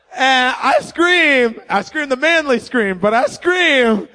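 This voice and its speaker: A young man with a high-pitched voice gives a sermon as a guest speaker. He tells stories in a lively, self-deprecating way, with big vocal swings in his retellings. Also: unhurried, hardly any pauses. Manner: animated, self-mocking storyteller. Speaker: guest preacher. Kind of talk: storytelling sermon.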